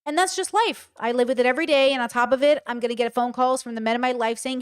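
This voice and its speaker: A woman's voice: fairly high pitch, fast talker, clear, resonant tone. A woman streaming casual live commentary, talking bluntly and with emphasis straight to her chat. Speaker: streamer reacting to a show.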